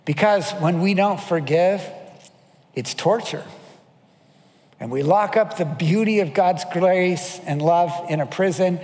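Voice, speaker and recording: A man preaching a sermon from the pulpit, his voice sitting high for a man. A long reverb from a large hall trails after every phrase. He tells stories, acts out what people said, and keeps turning to the audience with questions. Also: slow, darkish tone. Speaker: pastor.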